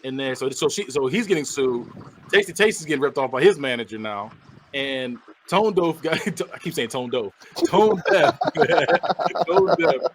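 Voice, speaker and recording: A man on a podcast, casually recapping a movie plot in an animated way and acting out the characters' lines with bursts of laughter. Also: mid-range voice, a little slow, slight background noise. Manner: animated retelling, acts out characters, laughs often. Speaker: podcast host.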